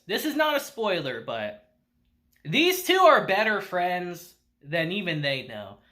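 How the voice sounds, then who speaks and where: Animated, chatty man recapping an anime. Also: high-pitched. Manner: animated, chatty, laughs often. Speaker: anime reviewer. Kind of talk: casual recap review.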